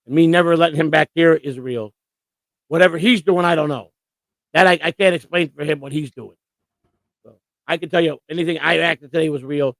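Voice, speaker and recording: A man's voice: fairly high pitch, a little fast, gravelly, long pauses, a bit bright, dry recording. A man co-hosting a casual live stream, talking bluntly and profanely in long rants. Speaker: co-host.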